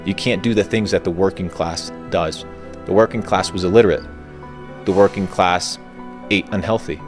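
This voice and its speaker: A man's voice: deep voice, fairly even intonation, normal speed. A man giving motivational advice in blunt, short, declarative statements. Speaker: guest. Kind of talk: motivational talk. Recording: faint background music.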